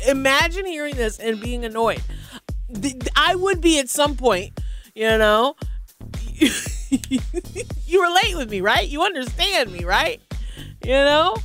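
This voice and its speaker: A woman hosts a morning radio show, chatting in a playful, giggly way. Her voice sits high and swings widely in pitch. Light music plays faintly behind her. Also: a bit bright. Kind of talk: casual morning radio chat. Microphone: studio mic.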